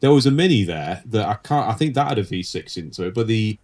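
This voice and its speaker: Low-voiced, rambling man. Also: lively intonation, fast, a little mellow. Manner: rambling, laughs often, restarts. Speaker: podcast co-host, pinstriper. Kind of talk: casual chat.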